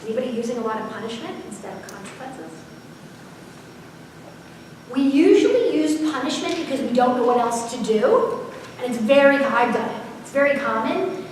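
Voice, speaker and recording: High-voiced woman presenter in echoey hall. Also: expressive, moderate pace, pauses often, darkish tone. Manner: chatty storytelling, asks the audience questions. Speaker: parenting seminar presenter. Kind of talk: conversational seminar talk. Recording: echoey hall recorded from far off, faint hiss.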